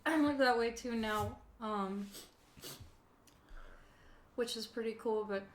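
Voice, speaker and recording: Woman podcast guest, frank casual chat, slightly high voice, roomy echo, faint noise. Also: slow pace. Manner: frank and chatty, swears casually.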